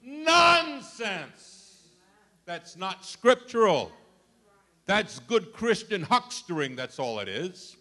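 High-voiced older man preaching a sermon. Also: sing-song, takes it slowly. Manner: dramatic storytelling, swings from loud to hushed. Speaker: pastor.

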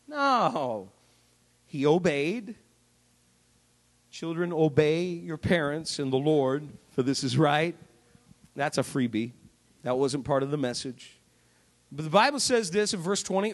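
A man preacher delivering a sermon, retelling a Bible story with animated, jokey storytelling. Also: sits high, measured pace.

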